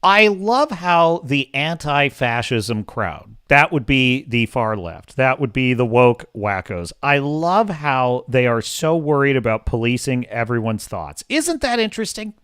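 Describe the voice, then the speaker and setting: A man's voice: mid-range voice, big pitch swings, a little slow, hardly any pauses, fairly bright tone, clean tone, no echo, studio quality. A man hosting a podcast, ranting in casual commentary with an opinionated, exasperated tone. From United States. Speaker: podcast host.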